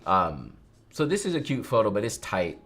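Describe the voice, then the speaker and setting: A young man, a photographer, chatting casually on a livestream while he edits photos and teaches, in an animated, ranting way, often mimicking other people. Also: on the low side, normal speed, soft background music.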